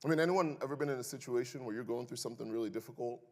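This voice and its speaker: Young guy pastor preaching, middle-pitched voice, echoey church hall, storytelling with jokes thrown in. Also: rapid-fire. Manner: animated, building to loud emphasis in stories; wry, joking asides to the congregation. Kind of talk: sermon with personal storytelling. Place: church sanctuary.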